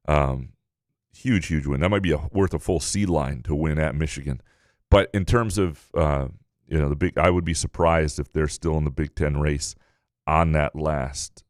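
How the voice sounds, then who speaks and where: Low-voiced sports columnist guy, thinks out loud, dry sound. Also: no echo. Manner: measured, analytical, weighs points out loud. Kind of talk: casual sports chat.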